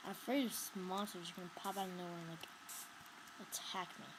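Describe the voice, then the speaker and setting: A woman's voice: fairly low pitch, fairly even intonation, a little fast, very noisy. A woman giving casual commentary on her own gameplay, talking to viewers and shrieking when startled. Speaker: gamer narrating her play.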